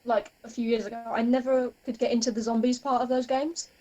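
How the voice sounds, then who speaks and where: Young woman co-hosting a podcast, high voice, dry teasing comebacks. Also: flat delivery, quick pace, dark tone, rough recording. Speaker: podcast co-host. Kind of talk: casual podcast chat.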